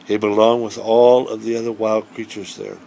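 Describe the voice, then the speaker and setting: A middle-aged man telling a true story to children in a lively, folksy way. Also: on the low side, normal speed. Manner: animated, folksy, acts out the voices of the people in his story.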